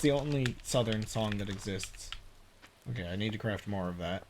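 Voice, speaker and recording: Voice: mid-range voice, moderate pace, slight background noise. A streamer from Appalachia chatting casually over a farming game, rambling, laughing often and slipping into a put-on drawl. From Appalachia, United States. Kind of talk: casual gameplay commentary.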